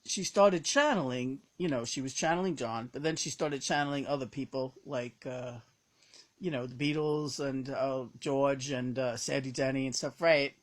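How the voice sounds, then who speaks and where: A woman channeling the spirit of a dead uncle, gossipy and crude with casual swearing. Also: moderate pace. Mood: chatty. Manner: gossipy, swearing, low-key. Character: deceased uncle's spirit, older man, chatty and crude.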